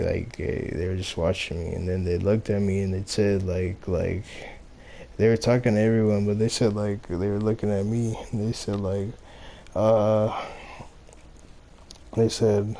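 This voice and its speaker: Slow, low-voiced young man rambling. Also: flat delivery, vocal fry, warm tone, a little hiss or hum. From Los Angeles. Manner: rambling, heavy on fillers and profanity. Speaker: storyteller. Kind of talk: casual spoken storytelling.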